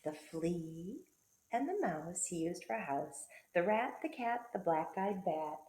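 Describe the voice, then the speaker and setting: A woman teacher reading a picture book aloud to children, playful and expressive. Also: lowish voice, unhurried, roomy sound, noisy background. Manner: playful, expressive storytelling with sound effects.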